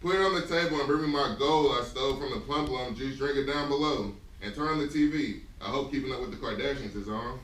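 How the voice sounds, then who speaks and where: A man playing a slow, blustering giant who fumbles his words in a stage skit. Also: mid-range voice, fairly bright tone, lightly acted. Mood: grumpy. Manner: slow, bumbling, forgets his lines. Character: dim-witted, blustering male giant. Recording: echoey room from far off.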